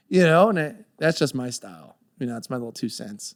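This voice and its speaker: A man in his thirties chatting on a podcast, telling lively stories and acting out the voices of the people in them. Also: medium pitch, a little fast, few pauses. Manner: animated storyteller, acts out voices in quotes. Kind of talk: casual chat.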